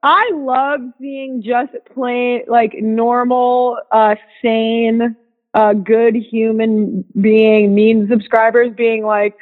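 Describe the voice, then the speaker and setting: A woman guest with a shrill voice, chatting casually and laughing through her stories over a remote call. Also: level tone, very slow. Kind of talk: casual podcast chat. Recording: tinny phone-like call line.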